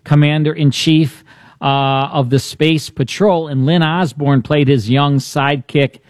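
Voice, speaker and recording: A male podcast host who chats and teases his co-host in a casual way. His voice sits a little high. The recording is close and dry. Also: steady tone, a little slow, no echo. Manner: jokey, chatty. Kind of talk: casual podcast chat and ad read.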